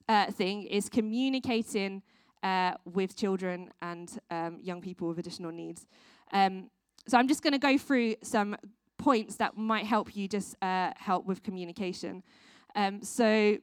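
A woman's voice: mid-range voice, smooth, no echo, studio quality. A woman who works with children, giving a casual training talk to church volunteers, with lots of ums and restarts. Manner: chatty, many ums, restarts. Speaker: children's worker.

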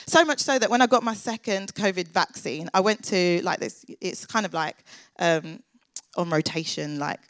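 A woman's voice: on the low side, moderate pace, fairly bright tone, no room sound. Woman in her twenties, church worker, chatty testimony, dry close sound. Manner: earnest, chatty, lots of filler "like"s. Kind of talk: personal faith testimony.

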